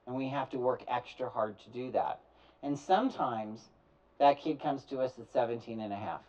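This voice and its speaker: Man, storytelling talk, animated, plays out both ends of calls; distant dull recording. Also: medium pitch, normal speed. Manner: animated, acts out both sides of phone calls. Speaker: speaker telling his story.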